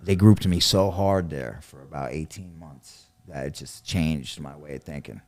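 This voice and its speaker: A man from New York telling his story on a podcast, swearing freely and acting out other people's lines with sudden loud jumps. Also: moderate pace. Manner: animated, acts out quotes with sudden loud jumps; swears freely, drops into low mutters. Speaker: podcast guest. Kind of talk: casual storytelling.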